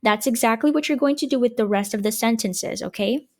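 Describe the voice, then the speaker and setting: A woman's voice: fairly high pitch, darkish tone. Patient woman teaching a grammar lesson. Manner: patient, explains slowly with rhetorical questions. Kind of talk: recorded online grammar lesson for children.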